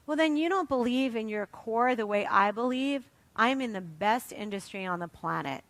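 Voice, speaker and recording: A middle-aged woman with an East Coast American accent, giving an emphatic, animated motivational talk to a sales audience. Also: on the high side, dry recording. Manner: emphatic, animated, fast and punchy, acts out quotes. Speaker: motivational speaker at a sales event.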